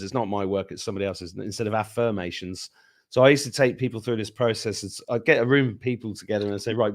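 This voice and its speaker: A man hosting a casual interview over a video call, telling stories and acting out quoted exchanges. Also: mid-range voice. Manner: animated storyteller, acts out quoted voices. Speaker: podcast host. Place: home in Ireland.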